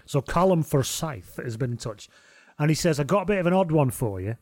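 A man's voice: a little high, lively intonation, fairly quick, darkish tone, dry recording. Brief: male podcast co-host, jokey and sweary, dry close sound. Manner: sweary, joking banter. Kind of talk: casual chat.

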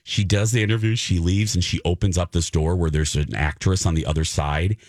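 A man hosting a radio show, telling a story in a casual chat and acting out the quotes in a high voice. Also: steady tone, fairly quick, dry recording, clean studio sound.

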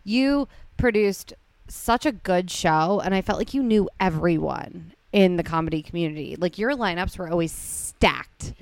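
A woman's voice: on the low side, moderate pace, gravelly, no echo. A woman hosting a podcast, chatting casually, laughing often and sometimes talking over her own questions. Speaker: podcast host.

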